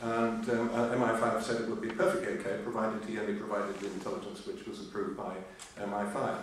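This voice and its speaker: A man's voice: on the low side, little pitch movement, fairly quick. An older man giving a history lecture, full of ums and uhs, with dry humour. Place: lecture hall. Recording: echoey hall, voice from far off, faint hiss.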